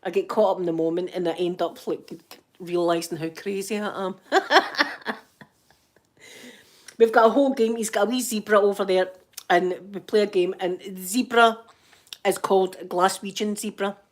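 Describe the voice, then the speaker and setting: A Scottish woman in her fifties with a sore throat, chatting softly in a rambling, self-mocking way for an ASMR channel. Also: medium pitch, fairly even intonation, moderate pace. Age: 50s. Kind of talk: soft-spoken ASMR chat.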